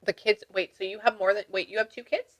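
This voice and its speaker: A woman spiritual medium giving a reading, animated and exclamatory, breaking off to mutter asides. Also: mid-range voice, fast. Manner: excited, exclamatory.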